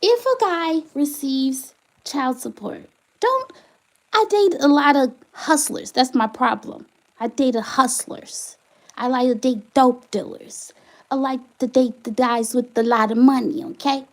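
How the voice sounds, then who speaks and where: Venting emotionally in a live stream, a single-mother channel host repeats rhetorical questions with passion and reads out comments from viewers. Her voice sits high, and she keeps a measured pace.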